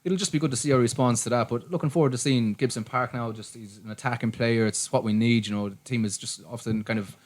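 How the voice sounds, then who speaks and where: An Irish man talks in a casual podcast chat at a brisk clip. His speech is loose and chatty, full of quick restarts. His voice sits at an ordinary pitch. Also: steady tone. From Ireland. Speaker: podcast co-host.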